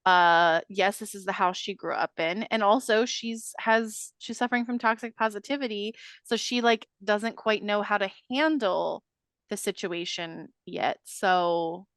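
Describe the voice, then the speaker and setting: Animated woman podcast co-host, dry sound. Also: medium pitch, unhurried, no echo. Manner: animated, laughing asides. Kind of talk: casual chat recapping a film.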